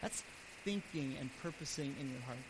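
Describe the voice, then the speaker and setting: A man pastor preaching a sermon earnestly, his voice swelling louder and then dropping soft. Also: mid-range voice, moderate pace. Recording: steady background hiss.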